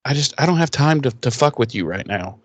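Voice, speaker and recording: A man's voice: medium pitch, animated, a little fast, no echo, close to an everyday voice. Short take: impatient young heroine, done by a man, flustered and blunt. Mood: exasperated. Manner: flustered, stammering. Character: exasperated young woman slayer, impatient.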